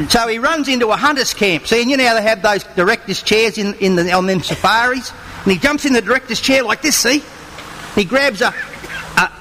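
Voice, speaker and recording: A man's voice: high-pitched, sharp tone, long reverb tail, slight background noise. An Australian man, a songwriter, telling yarns and jokes to a live audience in a folksy, chatty way. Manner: folksy, chatty, slow-building delivery. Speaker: songwriter and yarn-teller. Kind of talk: live storytelling and joke-telling.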